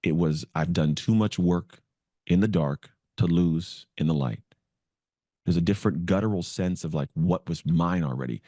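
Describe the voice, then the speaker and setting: A man's voice: deep voice, mellow, breathy edge, no echo, studio quality. A man as a podcast guest, telling his story in an earnest, reflective way and acting out the voices in his head. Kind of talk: storytelling interview.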